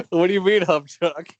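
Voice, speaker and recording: A man appears as a guest co-host on a casual podcast and is giggly and easily amused. His voice is a little higher than most men's. The sound is dry and close. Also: no echo, highs cut off. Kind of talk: casual podcast chat over a video call.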